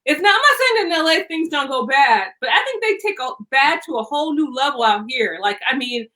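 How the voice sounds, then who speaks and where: A high, bright woman talking in a loose, lively conversational way. She tells stories with plenty of likes, restarts and bursts of laughter, speaking as a casual interview guest. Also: brisk. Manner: animated storyteller, many likes and restarts, laughs often. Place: lives on the East Coast, away from LA.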